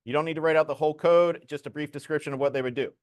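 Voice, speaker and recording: A man's voice: fairly high pitch, fairly even intonation, very fast, no echo, clean studio sound. A man teaching a programming lesson to a class, explaining code casually as he demonstrates it.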